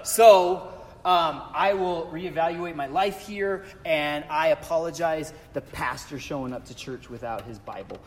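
A man's voice: on the high side, unhurried, big-room sound. A man preaching a casual sermon as pastor in a church, chatty and joking, with self-deprecating asides. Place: church sanctuary.

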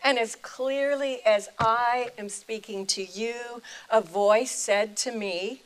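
An older woman, a retired chaplain and preacher, telling a personal faith story in a deliberate, reflective way. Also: on the high side, clean tone, poor audio.

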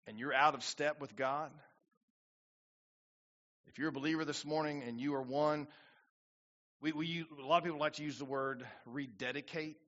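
Male pastor, sermon, bright slightly high voice, emphatic bursts, muffled lo-fi church recording. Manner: preaching with rising emphatic bursts and quoted prayers.

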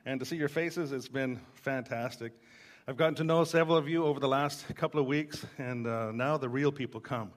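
A man's voice: medium pitch, fairly quick. A man, a pastor, preaching a sermon in a joking, storytelling way with frequent fillers and restarts.

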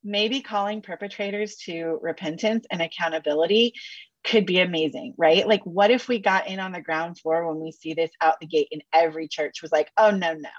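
A woman counselor talking on a podcast with sassy, animated asides and casual slang. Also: on the low side, normal speed, breathy edge, no room sound, highs cut off. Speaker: counselor guest. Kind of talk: podcast interview.

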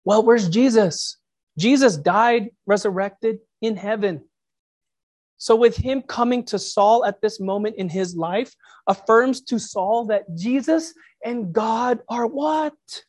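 Slow, reflective preacher. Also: mid-range voice, darkish tone. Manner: reflective, uses rhetorical questions. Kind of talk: sermon.

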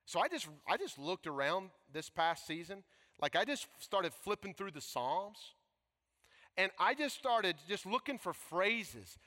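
High, bright-voiced preacher in a hall. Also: male voice, sing-song, normal speed. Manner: emphatic, swings from shouting to near whisper. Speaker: pastor. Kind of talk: sermon.

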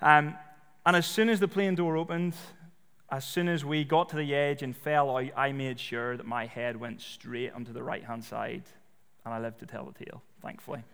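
A man preaching a sermon in a relaxed, conversational storytelling way, with frequent fillers. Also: medium pitch, normal speed, gravelly, smooth. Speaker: pastor. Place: church. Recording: long reverb of a church hall.

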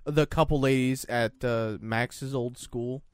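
A man's voice: mid-range voice, fairly even intonation, smooth, no room sound. A man co-hosting a podcast, teasing his partner and chiming in casually. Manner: teasing, chiming in with quick interjections. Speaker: podcast co-host. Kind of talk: casual chat.

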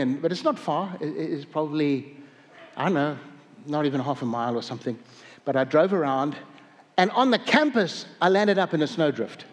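A man's voice: fairly high pitch, fairly quick, in a large hall. A man preaching a sermon, telling stories in a rambling way with restarts and chuckles. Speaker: pastor.

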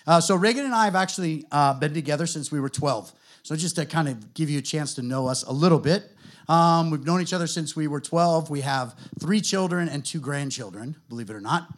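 A man's voice: on the high side, a little fast. Chatty middle-aged American man preaching. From United States. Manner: conversational, self-deprecating, many fillers. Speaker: guest pastor. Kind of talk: church talk, storytelling.

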